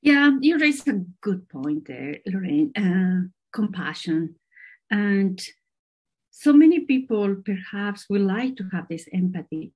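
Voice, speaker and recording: A middle-aged woman scientist from Peru, answering interview questions in a halting way with many fillers and restarts. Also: fairly low pitch, darkish tone, husky. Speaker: scientist guest.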